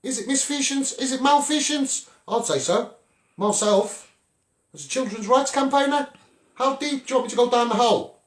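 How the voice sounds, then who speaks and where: A man's voice: sits high, roomy sound. A middle-aged man with a Scouse accent, a children's rights campaigner giving a punchy monologue and asking "right?" again and again. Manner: punchy, repeats "right?" for emphasis.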